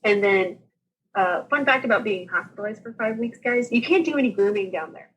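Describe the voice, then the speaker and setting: A woman, speaking as a podcast guest. She tells her story in a lively, laughing manner and acts out the dialogue as she goes. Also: medium pitch, brisk, muffled recording, a little hiss or hum. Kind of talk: casual storytelling.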